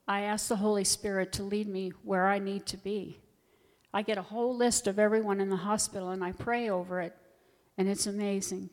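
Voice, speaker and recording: Earnest woman speaking in a reverberant church. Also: medium pitch. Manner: earnest, heartfelt storytelling. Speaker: volunteer hospital chaplain. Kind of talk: church testimony talk.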